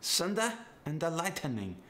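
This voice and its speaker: A man's voice: on the high side, big pitch swings, measured pace, sharp tone, slight background noise. A man repeating phrases hesitantly, with many filler sounds. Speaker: accent demonstrator.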